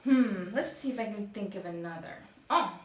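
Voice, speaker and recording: A woman teaching young children, acting out each word she explains in a slow, animated way. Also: medium pitch, slight background noise. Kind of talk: children's lesson. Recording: echoey room.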